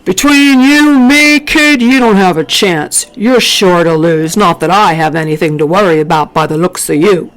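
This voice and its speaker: A woman voicing a big, burly, bossy male tree with a booming voice. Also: moderate pace, hardly any pauses, close to an everyday voice, rough recording.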